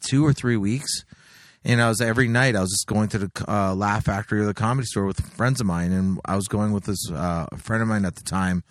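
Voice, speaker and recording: A man's voice: fairly low pitch, a little fast, dry recording, clean studio sound. A male stand-up comedian telling a long story in casual, profane, rambling chat on a podcast.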